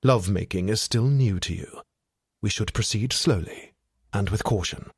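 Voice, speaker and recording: A roguish Victorian rake, read by a man, coaxes in a low, velvety murmur with a ragged edge. The voice sits deep and husky, recorded dry and close like a storybook. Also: moderate pace, no room sound. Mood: restrained.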